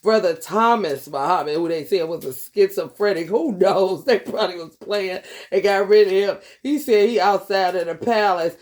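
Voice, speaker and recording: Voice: medium pitch, normal speed, hardly any pauses, a little mellow. A vlogger talking in a loose, profane monologue, laughing often and calling listeners honey and baby. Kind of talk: casual monologue.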